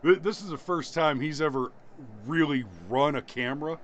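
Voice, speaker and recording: A man's voice: fairly high pitch, moderate pace, fairly bright tone, slight background noise. A man hosting a podcast, telling rambling stories in a casual chat and laughing at his own jokes. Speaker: podcast host.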